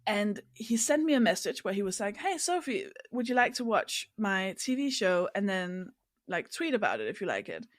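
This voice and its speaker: A woman's voice: mid-range voice, sing-song, normal speed, dry recording, clean studio sound. A woman from Denmark, a comedian guest on a podcast, telling a story in casual chat and acting out the quoted people.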